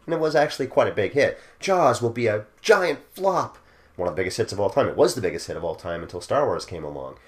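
Fast-talking man with a very low voice. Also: big pitch swings. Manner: fast, opinionated, drifts into mock quotes. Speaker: podcast co-host. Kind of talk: casual film discussion.

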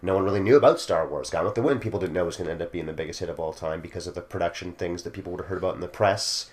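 Fast-talking man with a very low voice. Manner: fast, opinionated, drifts into mock quotes. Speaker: podcast co-host. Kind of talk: casual film discussion.

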